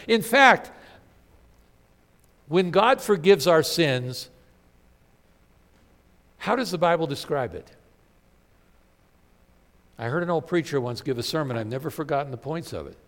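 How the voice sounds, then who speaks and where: Male pastor, sermon delivery, emphatic and questioning, very expressive pitch. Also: long reverb tail. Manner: animated, emphatic preaching with rhetorical questions.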